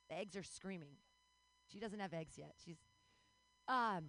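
A woman's voice: medium pitch, measured pace, long pauses, a bit bright, rough recording. A woman in her forties doing a bawdy, self-mocking stand-up set, breaking into squealing voices. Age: 40s. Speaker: stand-up comedian.

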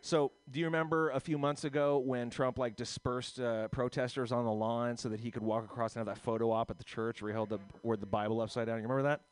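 A man's voice: mid-range voice, fairly even intonation, fast talker, few pauses. A man hosting a loose comedy radio show, rambling through jokes and bits. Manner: rambling, jokey, slips into silly voices.

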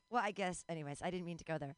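A woman's voice: fairly low pitch, smooth, no echo. A woman in her forties doing a rambling, bawdy stand-up comedy set, breaking into squeals and laughs. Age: 40s.

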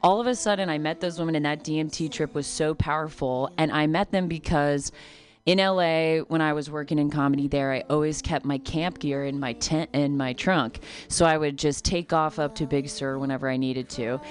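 A woman from California's Kern River Valley, a comedian guest talking in a rambling, animated way and often breaking into laughs. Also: deep voice, moderate pace. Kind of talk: casual podcast chat.

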